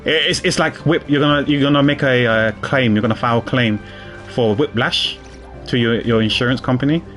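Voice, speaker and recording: A man's voice: mid-range voice, brisk, a bit bright, soft background music. A man streaming a game, chatting casually in a rambling way, repeating his words and chuckling. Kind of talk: casual gameplay commentary.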